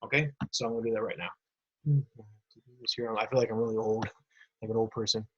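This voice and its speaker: A man's voice: fairly low pitch, level tone, fast talker, a bit bright, lo-fi sound, slight background noise. A male teacher recording a remote lesson for students, explaining patiently and addressing the kids directly. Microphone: computer mic.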